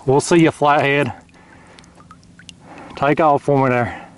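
A man's voice: medium pitch, a little hiss or hum. A man hosting a fishing vlog from his kayak, exclaiming and out of breath. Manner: excitable, exclaiming, drawn-out words. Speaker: fishing channel host. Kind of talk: excited outdoor vlog. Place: kayak on a lake outdoors.

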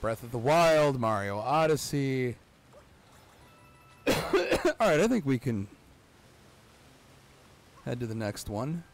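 A man in his thirties hosting a let's-play, excitable and rambling, swearing often and breaking into sudden yelps. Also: mid-range voice, measured pace, long pauses. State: out of breath. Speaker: gaming channel host.

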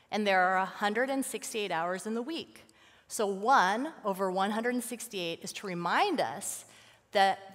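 A woman giving a lively, conversational sermon as a guest speaker, telling stories with casual fillers. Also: mid-range voice, big-room sound. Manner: animated, casual storytelling with fillers. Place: church sanctuary.

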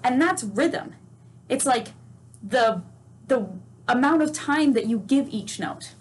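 A woman with a high voice leads a children's music lesson, speaking slowly and patiently. She encourages the class with questions and sings or chants short examples. Faint noise sits behind her. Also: lively intonation. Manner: sings note names and chants. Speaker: music teacher.

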